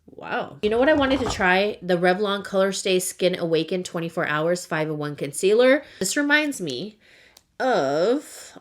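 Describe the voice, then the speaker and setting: A young woman chatting casually while doing her makeup, talking in a loose storytelling way with lots of "like". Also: on the low side. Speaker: beauty vlogger. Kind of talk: casual get-ready-with-me chat.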